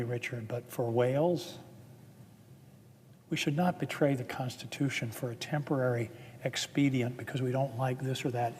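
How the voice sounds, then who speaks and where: A man's voice: mid-range voice, a little mellow, slight background noise. A man, a senator, giving a formal floor speech with earnest, building emphasis. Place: legislative chamber. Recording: long reverb of a large chamber.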